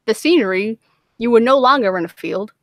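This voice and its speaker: A woman's voice: a little high, animated, fairly quick, no room sound. Woman, live-stream host, brash and teasing, dry close sound. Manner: brash, profane and playful. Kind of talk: casual live stream chat.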